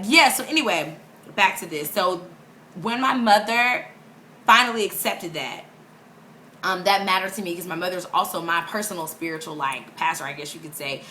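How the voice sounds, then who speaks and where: Young woman vlogging, bright voice, animated storyteller, laughs a lot, bit of background noise. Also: on the low side. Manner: animated, laughs often, acts out quotes. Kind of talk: casual storytelling vlog.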